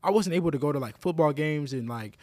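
Young male guest, slightly high voice, relaxed and agreeable, dry close mic. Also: quick pace, no echo. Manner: relaxed, agreeable, repeats himself. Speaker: podcast guest. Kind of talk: casual chat.

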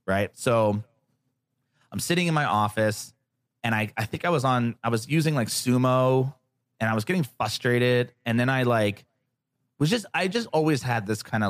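Animated, swearing man telling stories. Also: mid-range voice, no room sound. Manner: animated, profane, acts out quoted voices. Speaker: podcast guest. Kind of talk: casual storytelling interview.

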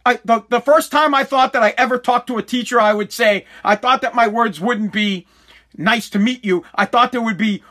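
A middle-aged man hosting a podcast, delivering an animated, mock-pompous comedic rant full of swearing. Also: very high-pitched, moderate pace. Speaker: podcast host.

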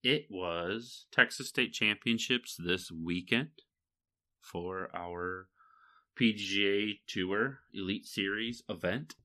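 Here a podcast co-host from Michigan rambles through casual conversation, dropping fillers and laughing along. His pitch is fairly low, his pace slow, his tone sharp.

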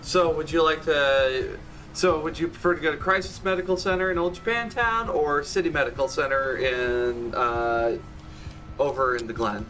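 A man narrating as game master for a tabletop role-playing session, halting often with fillers. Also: on the high side, sharp tone, faint music behind. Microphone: streaming setup with audio box.

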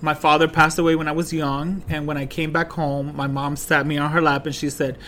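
A man, a guest on a podcast, telling stories in animated casual chat, laughing often and a little tipsy. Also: a little high, fairly quick, hardly any pauses, a little hiss or hum. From Washington Heights, New York.

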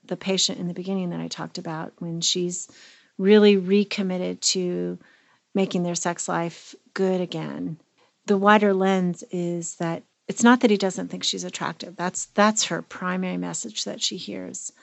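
A woman's voice: lowish voice, fairly even intonation, unhurried, gravelly, dry recording. A woman, a therapist co-hosting a podcast, speaking in an earnest, personal way. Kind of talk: casual podcast conversation.

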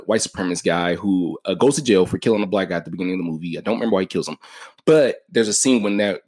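A man hosting a podcast, telling a story in casual chat, profane and full of fillers like "like" and "yo.". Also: sits low. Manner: animated, profane, lots of "like" and "yo". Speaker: podcast host.

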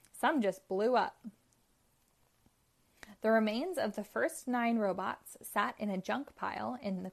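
A woman reading a children's chapter book aloud in a slow, clear, expressive way. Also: medium pitch. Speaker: storyteller.

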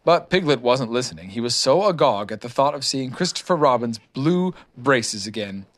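Man, storybook read-aloud, expressive, lively pitch, middling voice. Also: normal speed. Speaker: reader. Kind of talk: reading a storybook aloud to a child.

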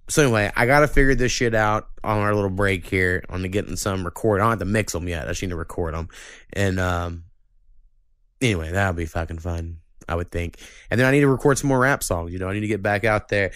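A man's voice: low voice, clean tone, dry recording, studio quality. A man hosting a podcast, chatting casually and ranting with lots of swearing. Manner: profane, ranting, animated when annoyed. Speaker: podcast host.

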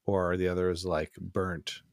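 A man's voice: deep voice, little pitch movement, measured pace, no room sound, studio quality. A young man in casual chat, telling rambling, jokey stories with a sarcastic streak.

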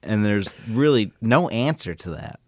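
Laid-back deadpan man, low voice. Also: a little slow, no echo, clean studio sound. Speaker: podcast co-host. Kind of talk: casual chat, reading news stories aloud.

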